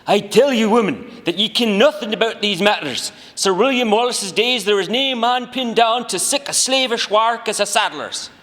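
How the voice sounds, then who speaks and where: A blustering Scottish shopkeeper scolds at a strained, squeaky pitch far above a normal male voice. The sound is bright and cutting, and the recording rings with a long room reverb. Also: expressive, moderate pace, hardly any pauses. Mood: scolding. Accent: Scottish, put on. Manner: berating, blustering. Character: scolding Scottish male harness-shop owner.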